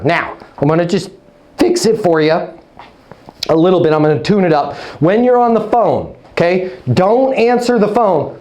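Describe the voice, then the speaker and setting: Punchy, energetic male leasing trainer. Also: high-pitched. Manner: energetic, punchy, checks in with 'okay? right?'; hypes up listeners with playful nicknames. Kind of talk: live online training talk.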